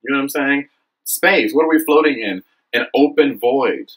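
Young man, husky voice, earnest direct-to-camera rant, preachy and animated. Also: moderate pace, poor audio. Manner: earnest, preachy, frequent "okay?" and "you know what I mean?"; animated, swings high when excited. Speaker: vlogger. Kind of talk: impassioned direct-to-camera monologue.

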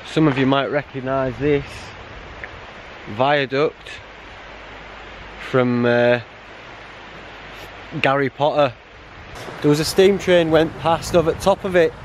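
A middle-aged man vlogs a solo hike, chatting casually to the camera, joking and laughing often, first outdoors on a hiking trail and later inside a bothy. His mid-range voice holds a steady tone as he takes it slowly with long pauses, over a little hiss or hum.

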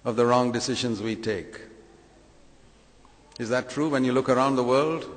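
A man's voice: mid-range voice, long reverb tail. A man preaching a sermon emphatically, full of rhetorical questions and acted-out quotes.

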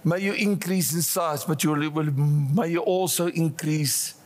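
An older man with a South African accent preaching a passionate sermon, swinging between rising cries and hushed asides, in a church. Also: a little high, steady tone, a little slow. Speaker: pastor. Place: church hall. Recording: church hall reverb.

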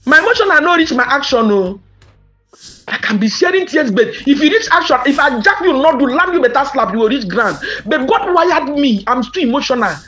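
A woman's voice: sits high, animated, a little fast, fairly bright tone, soft background music. A woman with a Nigerian accent speaking to subscribers in an impassioned monologue, emphatic and mixing Pidgin and English, with outraged questions.

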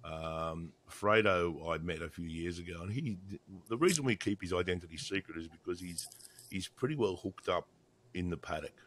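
Gruff deep-voiced Australian man in his sixties. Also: normal speed, a bit bright. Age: 60s. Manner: blunt, profane, laughs often. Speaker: podcast guest, motorcycle writer. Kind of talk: casual video-call chat. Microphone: video call.

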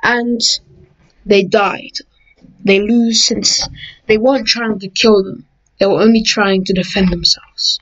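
A woman narrating a fan-made story in a relaxed, rambling way, stringing events together and fixing slips as she goes. Her pitch sits in a middle range, and the audio is slightly dull and lo-fi. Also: slow. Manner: rambling, loose retelling with "and" chains and self-corrections. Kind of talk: casual fan-fiction narration.

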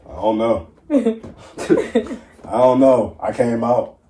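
A young man guest telling a story in a casual chat, sheepish and swearing a lot, mimicking others in high voices. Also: wildly swooping pitch, very slow, warm tone. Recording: echoey room.

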